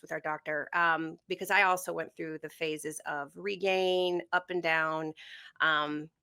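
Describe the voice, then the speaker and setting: A woman co-hosting a podcast with a mixed Southern and Midwestern US accent, relaxed and laughing, with halting restarts. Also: on the low side, gravelly. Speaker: podcast co-host. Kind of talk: casual podcast chat.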